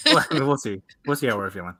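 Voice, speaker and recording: A man's voice: mid-range voice, huge pitch swings, quick pace, bright, forceful tone, dry recording. A man co-hosting a podcast stream, telling stories animatedly and laughing easily. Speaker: podcast co-host. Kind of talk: casual live-stream chat.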